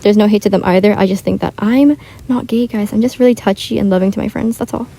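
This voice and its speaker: A teenage girl and gaming vlogger chats casually while she plays, rambling with plenty of filler words. Her mid-range voice is gravelly and warm, steady in tone and quick in pace. She was recorded on wireless earbuds in a shared bedroom, and the quality is low.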